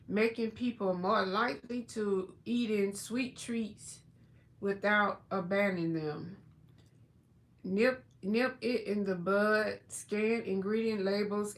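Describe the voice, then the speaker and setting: A woman hosting a casual livestream from home, chatting and reading food labels aloud in a drawn-out way with plenty of fillers. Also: mid-range voice. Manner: chatty, slow, drawn-out words, many fillers. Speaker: livestream host.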